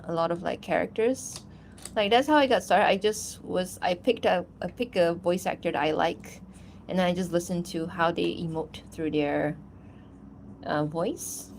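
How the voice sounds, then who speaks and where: A woman's voice: fairly low pitch, slight background noise. A woman animator chatting casually on a livestream, rambling and giggling, with lots of fillers. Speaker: animator streaming while answering chat.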